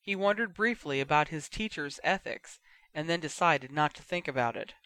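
Casting: male audiobook reader, bright forceful tone, dry close mic, slightly high voice. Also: normal speed, no room sound. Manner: expressive, steady storytelling. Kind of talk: fan fiction audiobook narration.

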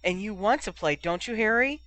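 A reader voicing a gentle female teammate who speaks kindly and coaxingly in a storybook reading. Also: medium pitch, expressive, normal speed, pitched above the performer's own voice, lightly acted, poor audio.

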